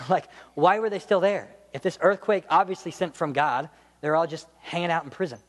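A young man giving a humorous, animated sermon, telling the story with laughs and playful voices. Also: a little high, moderate pace, long reverb tail. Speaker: preacher.

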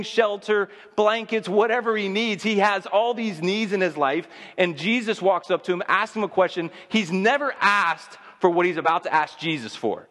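A man's voice: a little high, fairly bright tone, big-room sound. A man preaching a sermon in a conversational, emphatic way, building intensity as he makes his points. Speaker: pastor.

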